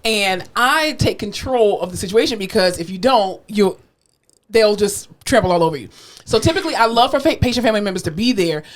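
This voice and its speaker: A woman co-hosting a podcast, telling patient stories in casual chat, acting out the voices in her quotes and laughing often, candid and profane. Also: brisk. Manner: animated, acts out quotes with big pitch jumps, laughs often. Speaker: podcast co-host, rehab therapist.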